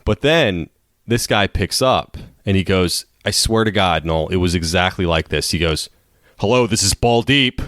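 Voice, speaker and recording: A man with a lowish voice co-hosts a casual podcast, telling long, rambling stories. His pitch jumps around animatedly, and he keeps breaking into laughter at his own jokes. The sound is dry and close. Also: expressive, moderate pace, a bit bright, no room sound. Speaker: podcast co-host.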